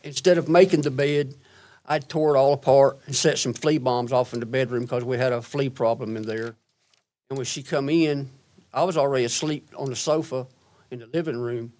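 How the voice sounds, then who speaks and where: A man testifies on the stand. His pitch sits in the ordinary middle range for a man. He talks plainly and haltingly, with restarts, walking through what happened one step at a time. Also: steady tone, a little mellow. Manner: plain-spoken, halting, recounting events step by step. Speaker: witness testifying in court. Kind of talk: courtroom testimony. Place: courtroom.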